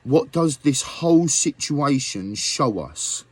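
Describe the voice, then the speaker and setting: A musician vlogger rants angrily at his viewers on camera, swearing often and firing off rhetorical questions. His voice sits on the high side and is expressive, slow and husky, with no room sound.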